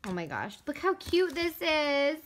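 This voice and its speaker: Young woman fitness vlogger, high and excitable, gushing, casual to camera. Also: unhurried. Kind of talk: casual vlog.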